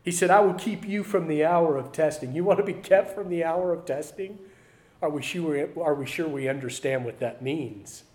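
A man preaching a sermon to his church, repeating key phrases and swinging between loud declarations and quiet asides. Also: a little high, normal speed. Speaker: pastor.

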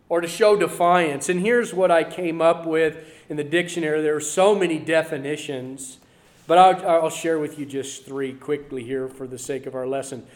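High-voiced male preacher in an echoey hall. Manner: earnest, swings between loud emphasis and quiet asides. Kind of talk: sermon.

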